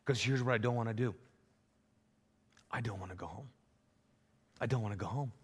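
A man's voice: medium pitch, normal speed, slightly rough. A man acting out a desperate, tormented man who pleads and repeats himself, with a long church hall reverb. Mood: pleading.

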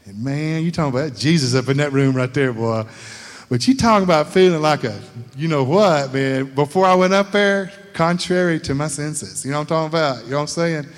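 The speaker is a middle-aged man, a layperson at a church service, whose fairly high voice moves fairly quickly. He tells his testimony in folksy stories, regularly checking in by asking "you know what I'm talking about", and the church hall is reverberant.

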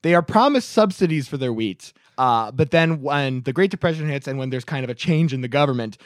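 Animated man telling a story. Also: medium pitch, fairly quick, no echo, studio quality. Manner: animated, laughing, joking storyteller. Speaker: podcast host telling a history story. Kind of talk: casual comedic chat.

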